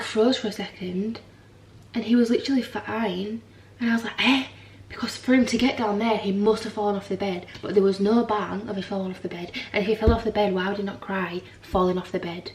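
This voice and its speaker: Tired young mum rambling, roomy sound. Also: female voice, medium pitch, steady tone, fairly quick, darkish tone, far from the mic, slight background noise. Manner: rambling, frank, swears. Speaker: vlogger. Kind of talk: casual chat to camera. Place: home.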